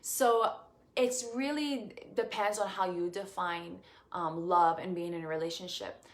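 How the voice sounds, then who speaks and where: A woman's voice: lowish voice, measured pace. A young woman from Puerto Rico, a beauty queen answering fan questions in a casual live stream, effusive and grateful, with many fillers and restarts.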